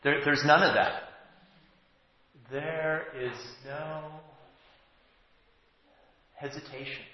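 This man's voice sits on the higher side, with a steady tone, drawn-out words, and a faint hiss or hum in the background. He's a pastor in his forties whose sermon feels like conversation, full of self-interrupting restarts, captured in a reverberant hall on muffled, low-fidelity audio.

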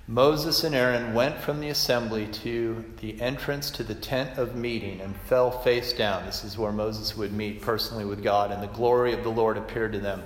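A man's voice: on the low side, fairly even intonation, moderate pace, hardly any pauses. A man preaching a sermon in a conversational, self-deprecating way, often restarting his sentences. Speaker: pastor. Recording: echoey hall reverb.

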